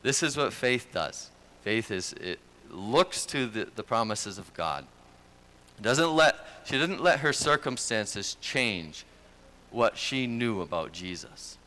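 Slow, bright-toned male preacher. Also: fairly low pitch, very animated. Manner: conversational, earnest preaching with quoted dialogue. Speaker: pastor. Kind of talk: sermon.

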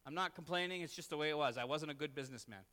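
A man's voice: a little high, very fast, pushed and bright, big-room sound. A man, preaching a sermon as a pastor and telling a personal story in an earnest, self-deprecating way.

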